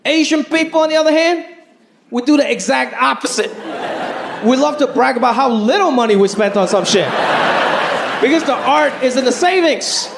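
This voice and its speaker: A man's voice: very high-pitched, expressive, normal speed, gravelly, noisy background. A man doing a stand-up comedy set, wry and punchy. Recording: live stage with crowd laughter.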